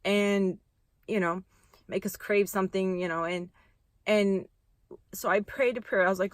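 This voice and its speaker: A woman's voice: mid-range voice, fairly even intonation, unhurried, pauses often, no room sound. A woman in her thirties telling a heartfelt faith story in a casual, rambling vlog. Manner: earnest, heartfelt, rambling with restarts. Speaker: vlogger sharing a faith testimony.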